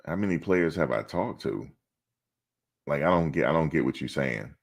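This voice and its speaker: A man's voice: rumbling low, lively intonation, moderate pace, gravelly. A middle-aged man hosting a sports channel, chatting casually on a live stream and answering his chat in a blunt, streetwise way.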